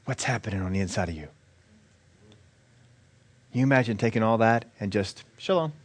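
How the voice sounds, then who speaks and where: Pastor, male, animated sermon delivery, acts out quotes in shifting voices. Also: fairly low pitch, brisk. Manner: animated preaching, acting out quotes in changing voices.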